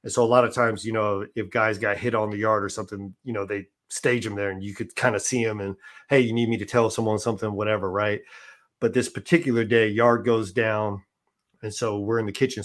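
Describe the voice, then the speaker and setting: A man's voice: fairly low pitch, fairly even intonation, a little fast. Man telling stories casually, with frequent restarts. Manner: conversational, frequent "right?" tags and restarts. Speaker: interview guest. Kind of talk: casual storytelling interview.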